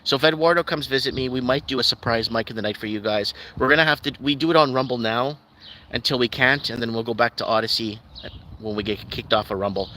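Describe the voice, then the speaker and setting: A man talks loosely into his livestream, ranting with a skeptical edge and stumbling through restarts as he reads viewer comments aloud. His voice sits at a middle pitch. A steady wash of background noise runs under him, with vehicles passing now and then. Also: quick pace. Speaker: livestream host. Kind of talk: rambling live stream chat, reading viewer comments. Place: at home in Calgary.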